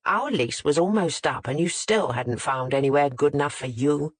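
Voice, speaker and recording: An audiobook reader voicing a whining, irritable husband whose complaints turn into a growl. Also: male voice, fairly high pitch, sing-song, a little slow, husky, no echo, exaggerated voice. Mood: angry.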